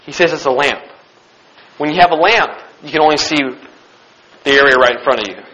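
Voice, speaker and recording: A man's voice: a little high, a bit bright. A young man giving an earnest sermon, repeating his key phrases for emphasis. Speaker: Christian speaker. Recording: dull lo-fi recording.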